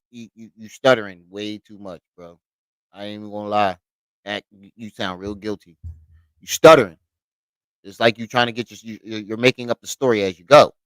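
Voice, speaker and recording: A man's voice: on the low side, steady tone, fairly quick, clear, resonant tone, dry recording, rough recording. A man giving heated reaction commentary, scolding and mocking the person in the clip and repeating his points. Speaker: commentary host reacting to clips.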